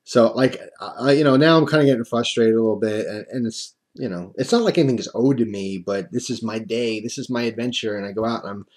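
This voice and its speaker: A man's voice: medium pitch, quick pace, hardly any pauses. A man telling a casual storytime to camera, rambling with lots of fillers and wry self-mocking humor. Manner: rambling, chatty, many fillers and restarts. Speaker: coin-collecting vlogger.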